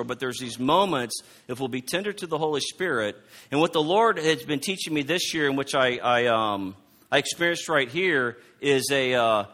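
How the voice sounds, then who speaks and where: A middle-aged man preaching a sermon, telling a personal story in a halting way, often repeating his words, and reading scripture aloud. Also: mid-range voice, fairly bright tone. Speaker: pastor.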